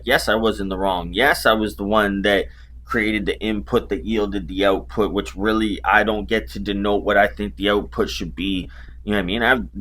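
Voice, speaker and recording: A man's voice: lowish voice, sharp tone. A man, a life coach, telling a personal story in a casual, profane way with constant filler words. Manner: casual, heavy swearing, lots of "like" fillers.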